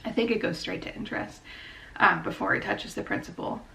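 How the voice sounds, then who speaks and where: A woman's voice: mid-range voice, steady tone, brisk, creaky, bright, forceful tone, low-quality recording. A young woman in her twenties, a law student vlogging in a chatty, rambling, upbeat way as she goes about her day. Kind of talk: casual vlog chat. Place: out and about, car and campus.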